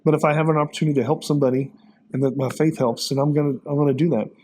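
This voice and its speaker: Male pastor and ex-cop, 50s, earnest storyteller, halting and emotional. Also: on the high side, steady tone, a little mellow, a little hiss or hum, rough recording. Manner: earnest, self-described crier, halting with many fillers. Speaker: pastor and former police officer.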